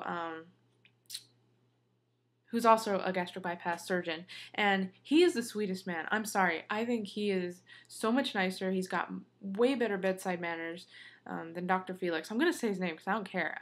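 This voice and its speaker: A woman vlogger chatting casually to her viewers, venting with lots of ums and you-knows. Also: medium pitch. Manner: chatty, venting, many fillers.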